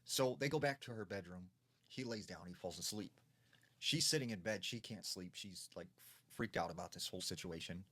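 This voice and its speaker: A man's voice: sits low, normal speed, a bit bright. A man telling a ghost story in a casual, conversational way, full of fillers.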